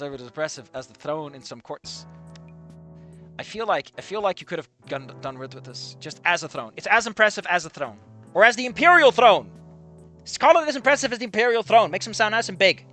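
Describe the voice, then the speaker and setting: A man's voice: sits high, lively intonation, fairly quick, sharp tone, faint music behind. Sarcastic man reading aloud with jokes. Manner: sarcastic, swears a lot. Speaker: reader and commentator. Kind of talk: casual reading with commentary.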